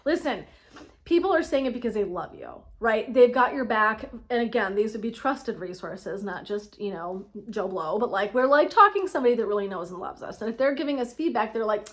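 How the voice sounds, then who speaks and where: A middle-aged woman coaching in a casual, motivational talk to camera, chatty and quick to laugh, checking in often with "right?". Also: a little high, expressive. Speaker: women's wellness coach.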